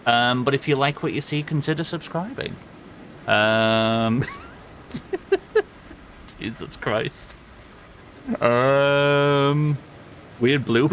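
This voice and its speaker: A young man from England with a Yorkshire accent streams a game and chats casually with viewers, rambling, laughing often, swearing freely and answering chat. His voice is medium in pitch and a bit bright, with slight background noise.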